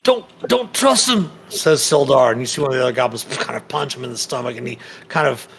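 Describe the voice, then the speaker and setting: A man narrating as game master in a tabletop game, describing scenes in a halting way with frequent pauses to search for words. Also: mid-range voice, steady tone, gravelly, fairly bright tone, slight background noise. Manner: halting, many fillers and restarts while describing the scene.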